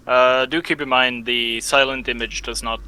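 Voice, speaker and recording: A man narrating a tabletop game as game master, often pausing and searching for words. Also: medium pitch, fairly even intonation, bright, forceful tone, smooth, poor audio. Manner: hesitant, searching for words with many fillers.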